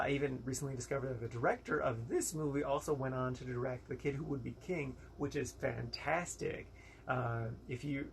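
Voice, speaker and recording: A young man from the United States gives a casual, rambling movie review, frank and exasperated, full of fillers and quoted asides. His voice is medium-pitched with vocal fry. Slight background noise is audible.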